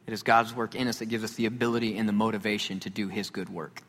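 A man preaching a sermon as pastor, talking in a conversational, animated way with joking asides. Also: fairly low pitch, quick pace. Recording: reverberant hall.

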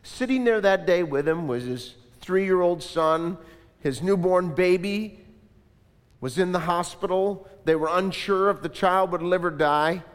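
A man preaching a sermon in an animated style, asking the congregation to repeat lines after him. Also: high-pitched, measured pace, smooth, big-room sound. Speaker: pastor.

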